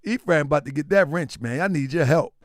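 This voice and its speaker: Speaking briskly in a slightly high voice, a man hosts a livestream with a dry recording and clean studio sound. He mixes casual talk with animated preaching and frequently raises his voice.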